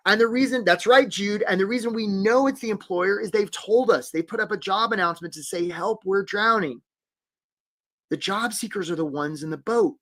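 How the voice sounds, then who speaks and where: A man's voice: high voice, brisk, few pauses, a bit bright. A man coaching job seekers in a live webinar, upbeat and encouraging, calling out viewers by name.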